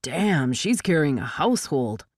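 A woman narrator voicing a rough male guard who barks orders harshly, in an audiobook reading. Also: low voice, big pitch swings, unhurried, a little mellow, no echo, clean studio sound, exaggerated voice. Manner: barking, gruff.

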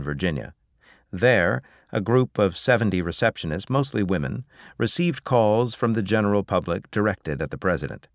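A man narrates an audiobook in a low voice, steady and even. The recording is dry and close, with no room sound. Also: no room sound. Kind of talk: scripted narration.

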